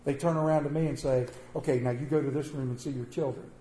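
A middle-aged man telling a personal story to an audience in a folksy, animated way. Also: mid-range voice, fast talker. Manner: folksy, animated, with a rural drawl in his wording. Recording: echoey room with faint ambience.

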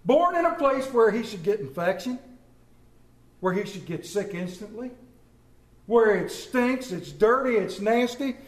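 A male preacher giving a sermon in a hushed, dramatic storytelling manner. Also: sits high, expressive, measured pace. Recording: echoey room.

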